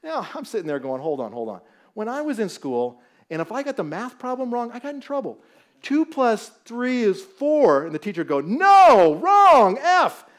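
A man with a notably high voice preaches to a church congregation, telling stories and joking with his listeners. He sounds middle-aged and speaks with lively, animated energy, and he is from Southern California. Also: a little fast. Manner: animated, storytelling, jokes with the audience. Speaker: guest pastor. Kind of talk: sermon with humor. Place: church sanctuary.

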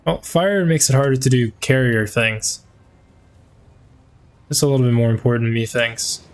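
Dude streaming a game, laid back slangy chatter, swears a bit, normal pitch. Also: male voice, normal speed. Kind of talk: gaming commentary.

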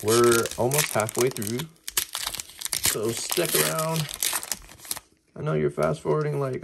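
A man casually talking through a card-opening video, chatty and excitable as he reacts to each pull. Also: on the high side, takes it slowly, gravelly, long pauses, noisy background.

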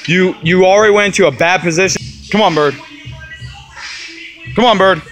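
A man's voice: sits high, normal speed, over music. A man coaching a lifter through deadlift sets in a gym, barking short urgent commands. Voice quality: urgent, commanding, repetitive cues. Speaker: lifting coach. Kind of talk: gym coaching, shouted encouragement.

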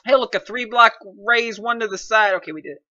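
A young man with a high, sharply bright voice complains and jokes his way through a game, excitable and quick to mock himself. The recording is dry and close. Its sound is dull and lo-fi. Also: dry recording. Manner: excitable, complaining, self-mocking. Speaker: gaming commentator. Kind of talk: casual gameplay commentary.

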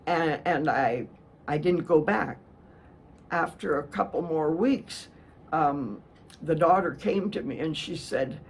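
A woman's voice: sits low, slow, a little hiss or hum. A woman missionary preacher telling a story in a sermon, earnest and prone to restarting her words.

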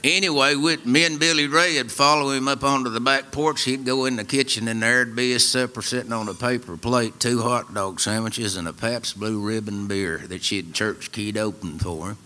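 An older man with an East Tennessee drawl spins a wry, homespun tale for a live radio audience. His voice is bright and forceful at a middling pitch, easygoing and dry in its humor. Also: fairly even intonation, moderate pace, hardly any pauses. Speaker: storyteller and musician.

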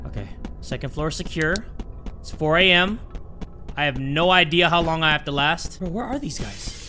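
A nervous, chatty young man narrates his horror game play, sliding from mutters to yelps across a lively range. His voice sits high for a man. Game music plays behind him. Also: moderate pace. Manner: jittery, self-mocking, chatty. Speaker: gaming youtuber.

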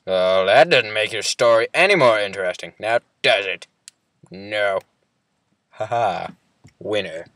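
A man hosting a relaxed gaming session, speaking in a put-on accent and teasing his friend throughout. His voice sits fairly low, and he takes his time with each phrase. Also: measured pace, long pauses, dry recording. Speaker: host. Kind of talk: casual gaming chat.

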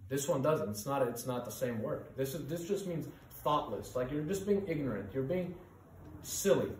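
A man's voice: medium pitch, lively intonation, moderate pace, a little mellow, recorded from a distance, a little hiss or hum. A male pastor preaching a sermon with urgent, earnest rhetorical questions. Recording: echoey room, voice from off-mic.

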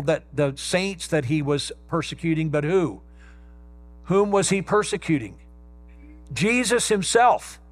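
Male pastor, emphatic sermon delivery, slightly higher-pitched voice. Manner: emphatic preaching, stresses key words slowly.

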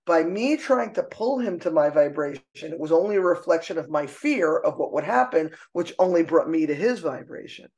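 A middle-aged woman speaking as a podcast guest, expressive and emotional, laughing often as she talks. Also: sits low, normal speed, few pauses. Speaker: podcast guest, artist and author. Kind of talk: casual conversational interview. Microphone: own microphone.

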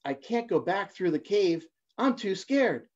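A man voicing a small, timid male blue fish in a storybook reading, with a high, anxious voice. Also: big pitch swings, a little slow, a little mellow, full character voice. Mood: frightened. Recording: dull lo-fi livestream audio.

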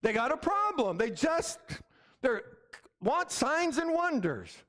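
A man's voice: extremely high pitch, big pitch swings, takes it slowly, a bit bright. A middle-aged man, a pastor preaching an emphatic sermon and calling out "Amen?" to the congregation.

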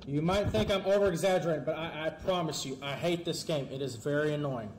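A man giving let's-play commentary, talking fast and excitably and pleading and yelling at the game. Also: a little high, noisy background. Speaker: gamer.

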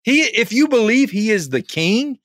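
A man guesting on a podcast in casual conversation, an animated storyteller who drops his voice when quoting others. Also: high voice, normal speed, dry recording, clean studio sound.

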